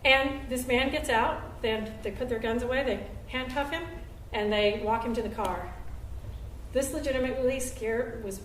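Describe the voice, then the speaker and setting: A woman telling a story on stage at a live show, acting out what people said with big jumps in pitch and loudness. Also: normal speed, a little hiss or hum. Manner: animated, acts out quotes with big jumps in pitch and volume. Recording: roomy live venue, recorded from a distance.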